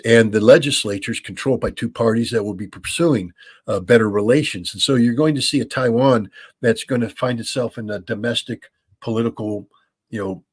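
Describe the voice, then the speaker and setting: Husky-voiced American man, measured and explanatory. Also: fairly low pitch, dry recording. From United States. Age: 60s. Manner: measured, explanatory, many ums and restarts. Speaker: guest, former weapons inspector. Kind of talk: call-in interview answers.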